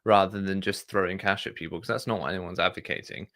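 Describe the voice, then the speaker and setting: Bright-voiced man, low and dry. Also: fairly even intonation, no echo. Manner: thoughtful, measured, with frequent fillers. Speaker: podcast host. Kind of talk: casual critique discussion.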